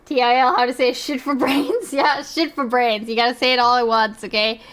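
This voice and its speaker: A young woman streaming and reacting in casual chat, excitable, laughing often and swearing freely. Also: on the high side, moderate pace.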